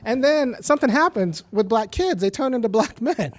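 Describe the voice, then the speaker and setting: A man's voice: very high voice, expressive, normal speed. A man hosting a panel, speaking in a wry, casual way and laughing between points. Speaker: panel host.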